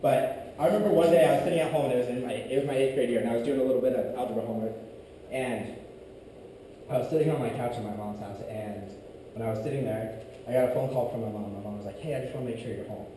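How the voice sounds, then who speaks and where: A young man speaks to a youth group, telling a personal story in a casual, rambling style. His voice sits at an ordinary pitch and is picked up from a distance, with long echo filling the hall and room noise behind him. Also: fast, dark tone. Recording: echoey distant room audio. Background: room ambience.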